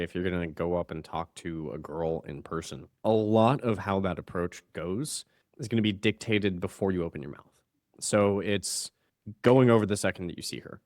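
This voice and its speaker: A male communication coach on a podcast with a fairly low voice, talking emphatically and swinging his delivery up and down as he acts out quoted voices. He comes across as energetic and sure of himself, in a casual register. The sound is dry and close-miked. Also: no echo.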